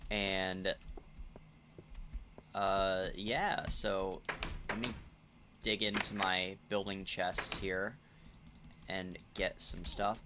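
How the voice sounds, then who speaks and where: A man hosting a relaxed gameplay commentary, talking very slowly in a low but bright voice. He rambles through his plans and sometimes lets out a sudden, profane outburst, while keyboard clicks sound faintly behind him. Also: slight background noise. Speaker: let's play host.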